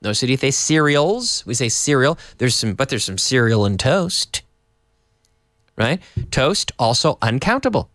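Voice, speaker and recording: A man teaching a live online English lesson, explaining slowly and adding Spanish glosses. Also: medium pitch, very animated, a bit bright, no echo, clean studio sound.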